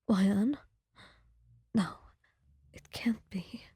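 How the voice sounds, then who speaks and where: Stern woman in grief, a woman whispering the role; breathy, slow, shaking whispered role-play. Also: medium pitch, dark tone, dry recording, studio quality, exaggerated voice. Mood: desperate. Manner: trembling, pleading whisper. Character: stern powerful woman, shaken and grieving.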